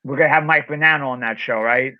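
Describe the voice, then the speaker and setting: A man's voice: mid-range voice, quick pace, dry recording. Male podcast host, loose rambling chat, dry close sound. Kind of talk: casual chat. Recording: dull, lo-fi sound.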